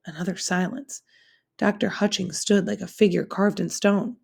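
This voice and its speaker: A woman teacher reads a novel aloud, steady and expressive. Her voice has a noticeable gravelly fry at mid pitch. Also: normal speed.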